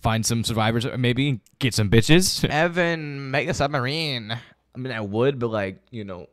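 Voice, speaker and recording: A young man streaming gameplay, talking tiredly to himself, then shouting with excitement, with game music behind him. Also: medium pitch, a little slow, no echo. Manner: excitable, swings between mumbling and shouting. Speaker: gaming streamer. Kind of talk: live-streamed gameplay commentary.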